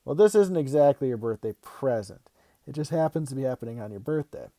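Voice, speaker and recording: Brief: man voicing a giddy storybook dad, loud, teasing, raised pitch, dark dry tone. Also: animated, fairly quick, no room sound, natural voice. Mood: excited. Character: excitable, bouncy adult father, playful joker.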